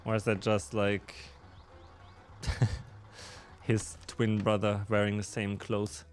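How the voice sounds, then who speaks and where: A man's voice: lowish voice, completely flat delivery, slow. A man with a German accent chatting casually with viewers on a live stream while playing a game, laughing often.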